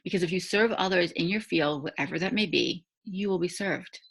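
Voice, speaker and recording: Low, gravelly-voiced woman teaching. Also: brisk, a bit bright, low-quality recording. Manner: conversational, frequent tag questions. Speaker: faith-based challenge host. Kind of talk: devotional teaching talk.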